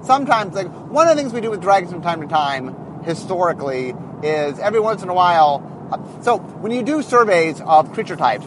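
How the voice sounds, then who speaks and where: A man with a high voice talks through design decisions in a loose, rambling way. His pitch swoops up and down as he thinks aloud. Faint traffic hum sits behind him in a car. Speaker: game designer. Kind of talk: casual explanatory monologue.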